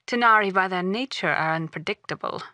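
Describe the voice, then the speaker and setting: An actress playing a poised, courteous succubus in a video game, calm and formally refined. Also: female voice, medium pitch, fairly quick, no room sound, studio quality, close to an everyday voice. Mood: serene, polite. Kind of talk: video game character dialogue.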